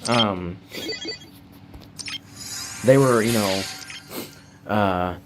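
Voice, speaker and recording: A man's voice: on the low side, very slow, background noise. A man from the US telling a casual story in a rambling way, with many filler words and restarts. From United States. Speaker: game streamer. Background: music.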